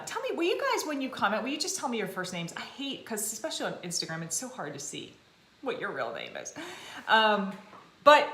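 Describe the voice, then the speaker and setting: Woman, 40s, fitness vlogger; chatty, self-mocking, slightly hoarse; echoey room. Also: a little high, a bit bright. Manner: chatty, self-deprecating, laughs often. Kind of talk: casual chat to camera.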